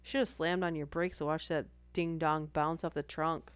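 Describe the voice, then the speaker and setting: Woman, live-stream host, casual story reading, low pitch, dry sound, chatty asides. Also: little pitch movement, moderate pace, smooth, no echo. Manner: reads aloud, breaking off for chatty asides and apologies.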